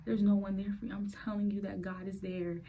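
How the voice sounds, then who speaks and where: A woman in her late twenties hosting a podcast. She tells her personal faith story in an earnest, halting way and is close to tears. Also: medium pitch, flat delivery, mellow, a little hiss or hum, rough recording. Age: late 20s. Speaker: podcast host.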